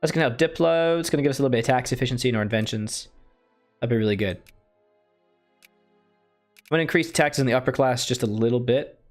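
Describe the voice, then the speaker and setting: A man's voice: mid-range voice, quick pace, pauses often, faint music behind. A man giving casual commentary while playing a strategy game, thinking aloud and scolding himself. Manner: muttering, self-deprecating, thinking aloud. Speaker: strategy game let's player.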